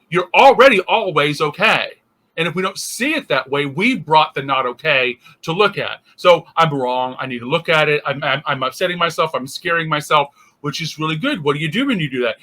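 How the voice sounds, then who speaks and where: A man's voice: on the high side, sharp tone. A male interfaith minister giving a casual spiritual teaching, thinking aloud with restarts and acting out inner voices.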